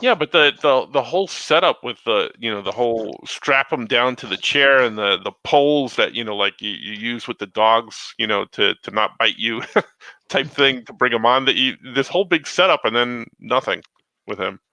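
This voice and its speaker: Bright-voiced man chatting eagerly. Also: mid-range voice, animated, normal speed, dry recording, low-quality recording. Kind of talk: casual chat.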